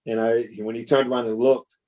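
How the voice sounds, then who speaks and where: A man, a drummer, telling animated, rambling stories over a video call, with lots of restarts. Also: medium pitch, fairly quick. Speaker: guest drummer. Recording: choppy internet connection.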